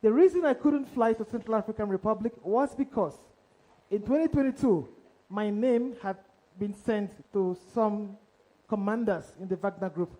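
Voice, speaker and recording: A man's voice: sits high, moderate pace, dark tone, low-quality recording. A man, an investigative journalist, telling a dramatic story on stage to a live audience and asking them questions directly.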